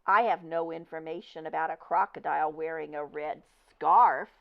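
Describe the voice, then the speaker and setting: A woman's voice: sits low, fairly even intonation, normal speed, gravelly. A woman reader voicing a matter-of-fact female information-booth clerk. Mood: curt. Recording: dull lo-fi recording.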